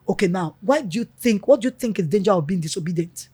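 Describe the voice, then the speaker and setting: A woman's voice: mid-range voice, fast, slightly rough. A middle-aged woman, a mother speaking as a guest in an interview and animatedly acting out conversations with her children. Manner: animated, acts out family dialogue in quotes.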